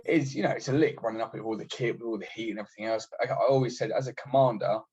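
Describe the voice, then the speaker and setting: British ex-army guy telling war stories, low voice, sweary, kinda muffled lo-fi sound. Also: very fast, darkish tone, breathy edge. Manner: blunt, sweary storyteller acting out quotes. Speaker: army veteran guest. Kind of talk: casual war story telling. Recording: dull lo-fi podcast audio.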